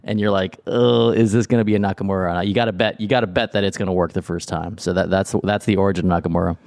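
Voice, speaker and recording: Fast-talking man, chatty podcast co-host. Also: sits low, steady tone, gravelly, darkish tone. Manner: quick, restarting and stammering. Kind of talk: casual chat.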